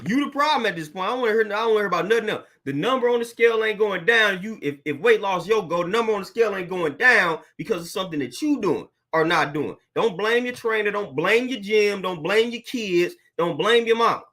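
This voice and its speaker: A man's voice: high voice, expressive, a little fast, few pauses, pushed and bright. Blunt, preachy man ranting hard. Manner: blunt, preachy, repeats himself, slangy. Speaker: fitness trainer. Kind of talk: blunt motivational rant to camera.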